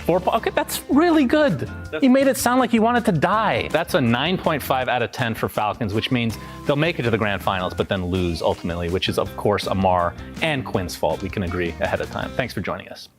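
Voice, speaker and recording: A man's voice: medium pitch, very animated, a little fast, over music. A man hosting a food-tasting segment with players, joking and mock-dramatic. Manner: sarcastic, jokey, mock-dramatic. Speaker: event interviewer.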